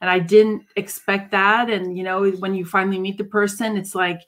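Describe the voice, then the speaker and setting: A woman's voice: medium pitch, little pitch movement, normal speed, a bit bright. Supportive woman podcast co-host. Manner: supportive, chimes in with examples. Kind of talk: casual faith podcast chat.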